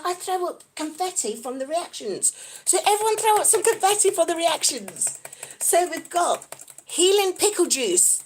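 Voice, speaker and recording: A woman from the UK chatting casually on a live stream, reading out comments in a bubbly, giggly, excitable way. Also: high voice, a little hiss or hum. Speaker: vlogger reading live chat.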